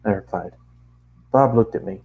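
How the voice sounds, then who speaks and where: A man's voice: lowish voice, moderate pace, slightly rough, phone-quality sound. A man casually reading fan fiction aloud, chatty and self-deprecating, often stumbling and restarting lines. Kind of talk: casual story reading with asides.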